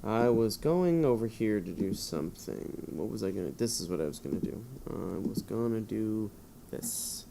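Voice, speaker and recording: A man's voice: fairly low pitch, expressive, moderate pace, vocal fry, dark tone, slight background noise. A man streaming live, reading a choose-your-own-adventure book aloud with rambling, self-mocking asides.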